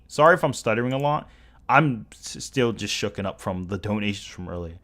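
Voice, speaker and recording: A man talks casually on a livestream while working through calculations aloud, often correcting himself as a keyboard clacks behind him. His voice is on the low side, expressive and a little bright, and he speaks slightly fast. The commentary rambles along.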